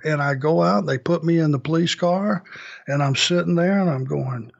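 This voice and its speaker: A man with a gravelly, raised voice tells a story as an interview guest, animated and full of restarts. The recording is dull and lo-fi. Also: on the high side, normal speed. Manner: animated anecdote-telling with lots of restarts. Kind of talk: casual storytelling.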